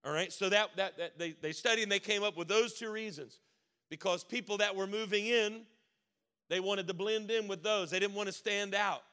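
High, bright-voiced preaching man. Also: normal speed, clean tone. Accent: Baltimore. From Maryland. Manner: rises to loud emphatic preaching. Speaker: pastor. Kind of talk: sermon.

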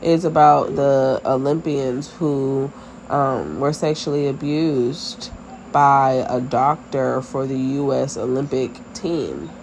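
Podcast co-host, woman in her thirties, animated storytelling, faint background hiss. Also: extremely low pitch, slow pace, poor audio. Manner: animated storyteller, laughs often. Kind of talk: casual chat.

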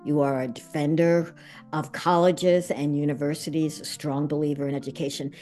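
An older woman with a notably low voice hosts a relaxed podcast chat. She talks in a chatty way and corrects herself as she goes. Faint music sits beneath her. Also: moderate pace. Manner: chatty, self-correcting with laughs. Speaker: podcast host. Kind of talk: casual podcast conversation.

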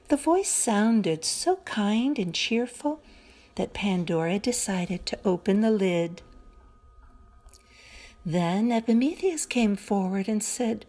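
Reading a children's story aloud, a woman uses a gentle, expressive manner and a mid-range voice at a slow pace. She finishes with a short reflection on the story.

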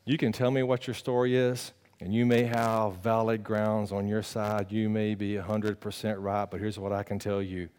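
A pastor preaching a sermon in a conversational, animated way, swinging between loud bursts and quiet, earnest talk and teasing his congregation. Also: fairly low pitch, moderate pace, hardly any pauses, smooth.

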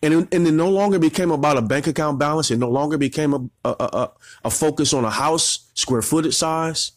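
A man's voice: fairly high pitch, brisk, no room sound, clean studio sound. A man in his forties, a marketing coach, giving an emotional motivational talk, holding back tears and repeating phrases as he tells his story.

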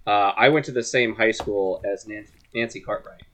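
A man's voice: on the low side, normal speed, fairly bright tone. A man co-hosting a comics podcast, joking around in casual chat. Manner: joking, slips into silly cartoon voices. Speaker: podcast co-host.

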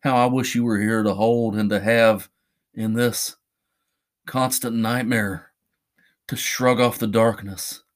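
A bitter, grieving young man pleads with strain in his voice, voiced by a male narrator. He sounds worn down and desperate, in a dark horror story reading. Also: lowish voice.

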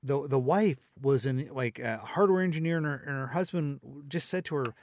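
A man's voice: medium pitch, normal speed, darkish tone, dry recording, studio quality. A man talking as a podcast guest, opinionated and rambling with many fillers. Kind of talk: casual chat.

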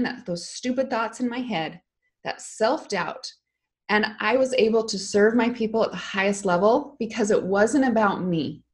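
A middle-aged woman speaking as an interview guest, telling a personal story in an emotional, candid way. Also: medium pitch. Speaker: guest, online course creator.

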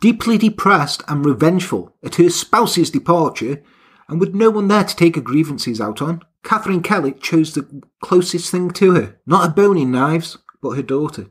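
A man's voice: fairly high pitch, lively intonation, normal speed, breathy edge. A man hosting a podcast, telling a crime story from a script in a wry, jokey way. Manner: wry, jokey, slips into silly put-on voices. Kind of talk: half-scripted storytelling with banter.

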